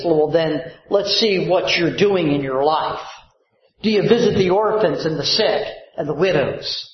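A man's voice: high-pitched, echoey room, muffled recording. A man preaching a sermon as a pastor, stretching out key words and calling for amens. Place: church sanctuary.

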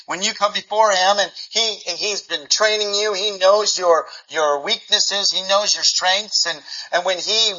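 Bright-voiced man preaching a sermon. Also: sits high, a little slow, few pauses. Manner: repeats words while restarting sentences; acts out dialogue in lively voices. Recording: dull lo-fi recording.

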